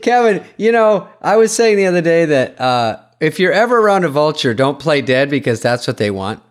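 A man's voice: a little high, moderate pace, slight background noise. A man co-hosting a podcast, animatedly telling comedy stories in casual chat. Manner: animated storyteller, acts out voices. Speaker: podcast co-host.

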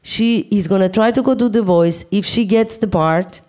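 Animated woman telling a story. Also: mid-range voice, moderate pace. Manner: animated, laughing, acts out quoted dialogue. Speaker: guest answering questions. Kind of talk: casual storytelling and Q&A.

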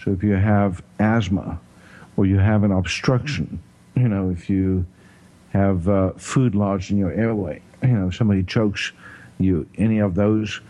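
A man with a South African accent explaining health topics in casual chat, pausing often with "you know" and clearing his throat. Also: sits low, dark tone, low-quality recording. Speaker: health talk host.

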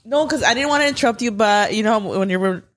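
A young woman co-hosting a podcast in casual chat, playful and expressive, with casual swearing. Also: on the high side, fast talker, slight background noise. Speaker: podcast co-host. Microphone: podcast studio mic.

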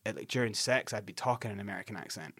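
Scottish guy in his 40s, animated, swears a lot, keeps restarting, dry close mic. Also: on the low side, rapid-fire, slightly rough, dry recording. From Scotland. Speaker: interview guest. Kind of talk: candid storytelling interview.

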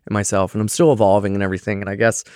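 A man's voice: on the low side, level tone, racing, a little mellow, clean tone, no room sound. Casual, swearing male stand-up comic. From Philadelphia area. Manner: loose and conversational, with frequent fillers and swearing. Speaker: stand-up comedian. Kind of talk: casual interview chat.

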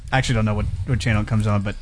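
A man's voice: lowish voice, fairly even intonation, racing. A man hosting a casual talk show, rambling and teasing as he jumps between topics. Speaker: host. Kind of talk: casual radio chat.

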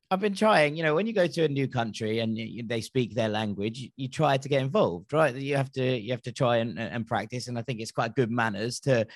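A man hosting a casual podcast, telling stories in an animated, exasperated way. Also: medium pitch, no room sound, clean studio sound. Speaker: podcast host. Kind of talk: casual chat.

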